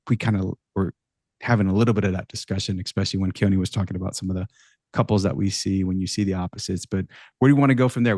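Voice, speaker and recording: A man hosting a radio talk show, quick and conversational, asking the guest questions. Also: lowish voice, darkish tone, no echo, clean studio sound. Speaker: radio host.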